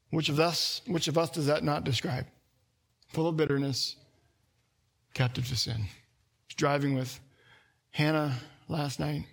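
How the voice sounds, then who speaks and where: A man preaching a sermon in an animated, conversational way, often acting out quoted voices and restarting phrases. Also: a little high, unhurried, gravelly, pauses often, breathy edge. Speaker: pastor.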